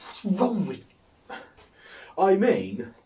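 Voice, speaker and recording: A man's voice: sits high, wildly swooping pitch, very slow, mellow, distant mic. A man hosting a casual solo podcast, rambling through jokes with a self-mocking humour and frequent chuckles. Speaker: podcast host.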